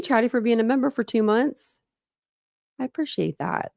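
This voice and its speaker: A woman's voice: a little high, lively intonation, moderate pace, creaky, mellow, no echo, studio quality. A woman hosting a true crime livestream, chatting casually with viewers and thanking them by name, with frequent ums, laughs and stretches of reading aloud.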